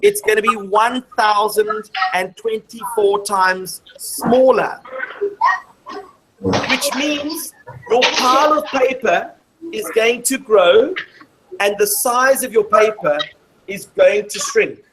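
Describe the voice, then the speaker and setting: A woman's voice: medium pitch, slow pace, background noise. A woman presenting a live maths show to a classroom of children, explaining step by step and quizzing the class as she goes.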